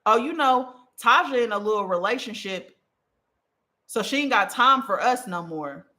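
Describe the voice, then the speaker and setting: A woman's voice: a little high, animated, normal speed, bright, forceful tone. A woman voicing a snide, passive-aggressive female acquaintance who makes sing-song sarcastic digs. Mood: mocking.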